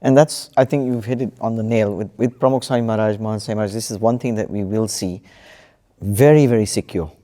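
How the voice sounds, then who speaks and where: A man telling a story in a relaxed spiritual panel discussion, with plenty of fillers and restarts. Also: on the low side, fast. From United Kingdom. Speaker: panel speaker.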